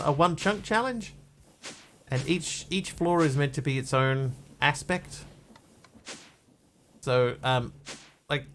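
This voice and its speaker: A man live-streaming a block-building game, chatting loosely with viewers as he plays and greeting new arrivals with bursts of excitement. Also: a little high, a little hiss or hum. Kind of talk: casual game commentary.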